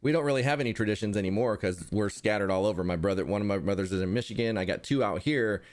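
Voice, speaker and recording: Rambling lowish-voiced man. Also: darkish tone. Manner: rambling, halting restarts, dry humor. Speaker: interview guest, content creator. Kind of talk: casual conversation.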